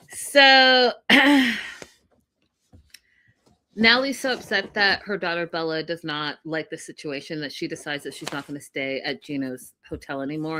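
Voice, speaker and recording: A woman's voice: low-pitched, background noise. A woman co-hosting a casual TV recap show, chatting directly to her viewers and laughing often. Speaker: podcast co-host.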